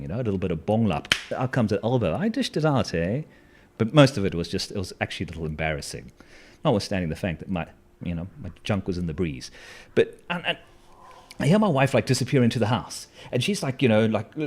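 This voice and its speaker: Man, low voice, very animated intonation, casual storytelling, wry, self-deprecating, many fillers. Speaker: podcast host telling a personal story.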